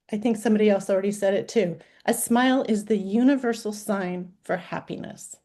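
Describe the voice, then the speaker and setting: A woman's voice: medium pitch, dark tone. A woman in her sixties, a former dental hygienist turned life coach, talking earnestly and heartfelt in long runs of short listed phrases. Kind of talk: heartfelt personal talk.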